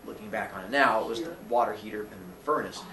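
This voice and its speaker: A man's voice: lowish voice, quick pace, pushed and bright, roomy sound, distant mic. A man telling a comic story about his own childhood, acting out the voices of those in it with squeals and laughter.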